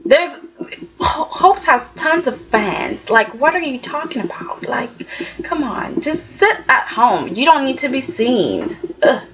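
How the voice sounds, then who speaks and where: A woman chatting casually as a soap opera reviewer, animated, sassy and rambling. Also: high voice, unhurried. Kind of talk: casual chat. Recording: dull lo-fi recording.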